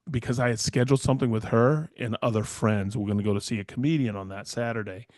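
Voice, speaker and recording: A man's voice: medium pitch, fast, few pauses, dry recording, studio quality. A middle-aged man co-hosting a casual podcast chat, telling stories and acting out the people in them with big jumps in his voice. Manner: animated storyteller who acts out quoted dialogue. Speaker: podcast co-host, woodworker.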